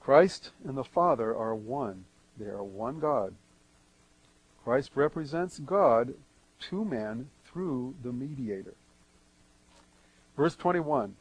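A man preaching verse by verse, reading scripture aloud and then explaining it, with strong swings between loud and soft. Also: mid-range voice, expressive, slow, pauses often, slightly rough, dry recording, low-quality recording. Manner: emphatic swings in loudness. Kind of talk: verse-by-verse Bible teaching.

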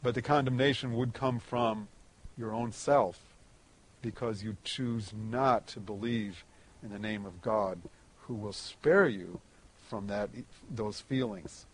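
A man preaching a sermon, explaining a Bible passage verse by verse in a conversational way, rising in pitch and volume on emphatic points. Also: takes it slowly.

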